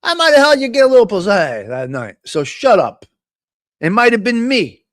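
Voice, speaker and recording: A man's voice: high-pitched, wildly swooping pitch, normal speed, a bit bright, dry recording. Crude, joking New York-area man. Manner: crude, joking, rambling banter. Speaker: host of a live morning talk show. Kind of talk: casual live-stream chat.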